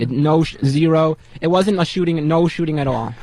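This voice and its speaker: A man's voice: a little high, moderate pace, very noisy. A man telling a story in an earnest, formal way, repeating himself. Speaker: caller recounting a massage story.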